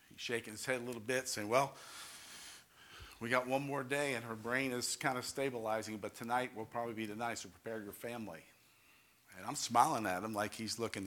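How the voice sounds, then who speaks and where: An older man from New York with a New York accent, a pastor giving a fervent testimony sermon, rising to loud exclamations and calling for amens. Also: mid-range voice.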